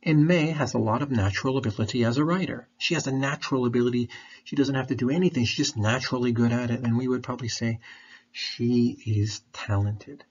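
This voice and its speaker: A male English teacher talks through a lesson in a patient, repeating way, sucking on a throat candy as he speaks. His voice is husky. The recording sounds dull and lo-fi. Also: mid-range voice, steady tone. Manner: patient, repeats questions and explains slowly.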